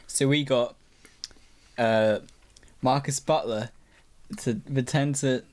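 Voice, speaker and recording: A man's voice: medium pitch, slow pace, pauses often, darkish tone. Young guy rambling with a mouthful. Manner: rambling, swears casually, eating while talking. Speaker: podcast host. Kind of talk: casual chat.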